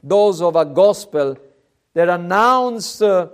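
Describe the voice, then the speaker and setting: Male preacher, high voice, slow deliberate sermon delivery. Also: animated. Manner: slow, emphatic preaching with rising and falling force, some hesitations.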